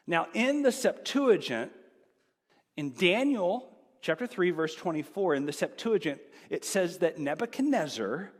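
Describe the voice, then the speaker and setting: A male pastor preaching a sermon, telling a story with animation, swinging between excited shouts and quiet asides. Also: sits high, long reverb tail.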